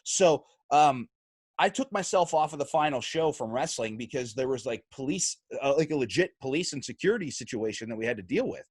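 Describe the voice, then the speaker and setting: A podcast host with a medium-pitched, husky voice tells stories briskly and energetically in casual chat, swearing freely and acting out quotes. The studio-quality recording is dry, with no room sound.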